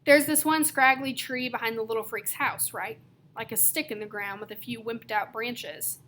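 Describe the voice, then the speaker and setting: Bright-voiced woman narrating an audiobook. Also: on the high side, steady tone, moderate pace, a little hiss or hum. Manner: casual, slangy storytelling as a teenage boy. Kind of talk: first-person audiobook narration.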